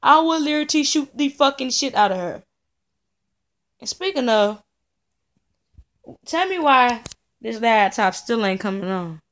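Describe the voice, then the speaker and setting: A woman's voice: fairly high pitch, lively intonation, unhurried, long pauses, a bit bright. A young woman rants furiously into a camera. She swears constantly and circles back to the same complaint over and over. Her talk is an angry, casual vlog vent from her home studio. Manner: profane, ranting, repetitive. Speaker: vlogger. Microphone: camera in front of her.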